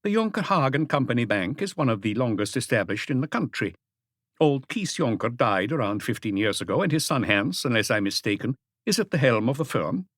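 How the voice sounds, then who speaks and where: A man's voice: medium pitch, big pitch swings, brisk, dry recording, studio quality. A man voicing a young male diplomat with a strong Dutch accent, formal, starchy and guarded.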